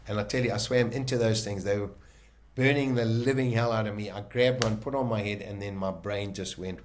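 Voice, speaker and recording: A middle-aged South African man telling his survival story vividly, acting out his own inner voices and swinging between loud and soft. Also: lowish voice, normal speed. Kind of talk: animated storytelling.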